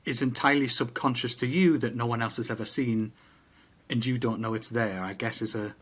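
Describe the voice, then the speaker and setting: A man's voice: mid-range voice, steady tone, brisk, a bit bright, husky. A middle-aged man co-hosting a casual podcast, reflective and rambling with restarts. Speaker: podcast co-host. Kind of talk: casual chat.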